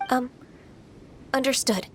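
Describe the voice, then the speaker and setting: A woman voicing a shy, earnest half-divine young woman in a video game, soft-spoken and hesitant. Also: takes it slowly, natural voice. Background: game music.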